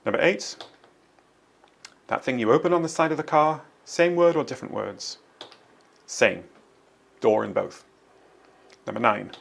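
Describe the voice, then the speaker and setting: Fifties guy from england running a quiz lesson, gravelly, clear and steady. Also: medium pitch. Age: 50s. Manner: clear, measured quiz-style delivery. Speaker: transcription exercise presenter. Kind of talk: teaching.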